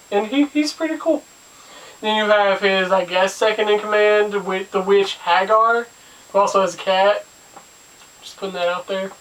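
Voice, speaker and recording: A man's voice: high-pitched, a bit bright, far from the mic, rough recording. A man hosting a casual video review of an old cartoon, chatty and full of jokey asides. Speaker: show host and reviewer.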